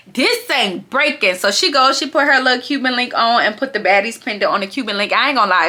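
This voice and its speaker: A woman giving a casual, gossipy recap of a reality show, talking in an animated, slangy way. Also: fairly high pitch, brisk, hardly any pauses.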